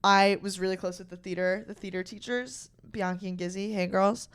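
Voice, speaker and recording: A young woman hosting a podcast in casual chat, telling stories in an animated way, swearing freely and acting out quotes loudly. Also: medium pitch, a little fast, smooth. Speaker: podcast host.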